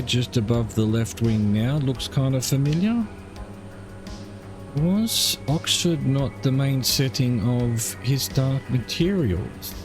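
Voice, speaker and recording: A man talks casually over a flight sim, musing aloud and dropping wry little asides. His voice sits at an ordinary middle pitch. Soft music plays faintly behind him. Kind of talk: casual gameplay commentary.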